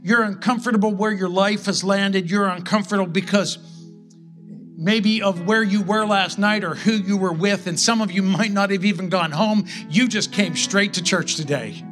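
A man preaching a sermon as pastor, impassioned, with slow dramatic pauses. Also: high-pitched, steady tone, a bit bright, soft background music.

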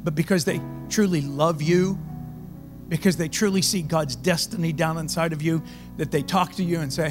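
A man who is a pastor, preaching a sermon in a loud, conversational storytelling way. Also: on the high side, moderate pace, over music.

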